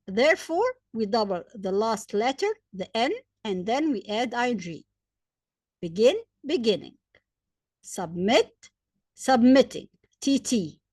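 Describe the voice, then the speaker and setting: Slow, lively-voiced woman teaching grammar. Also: a little high, dry recording, clean studio sound. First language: Arabic. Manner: spells out letters and repeats examples with emphasis; hesitant fillers between points. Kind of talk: slow, deliberate grammar lesson.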